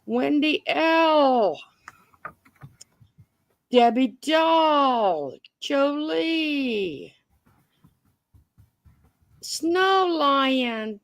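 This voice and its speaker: A woman hosts a casual live stream, welcoming viewers one by one and cracking jokes. Her voice sits high. She takes her time with every word, and the sound is close and dry with no room around it. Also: animated, extremely slow, gravelly, pauses often, no echo. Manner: jokey, reading out viewer names.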